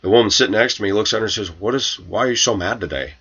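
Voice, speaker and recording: A man's voice: fairly low pitch, racing, a bit bright, husky, muffled recording. A man vlogging to his viewers, telling an aggrieved story about a coworker, quoting her and himself with indignation. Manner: aggrieved, indignant, quotes others in raised voice. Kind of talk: personal storytelling rant to camera.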